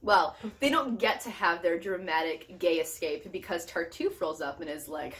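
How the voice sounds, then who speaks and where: A woman's voice: on the low side, fairly bright tone. Sarcastic young woman retelling a play. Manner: sarcastic retelling with quick playful voices. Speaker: book reviewer. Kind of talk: casual rant review.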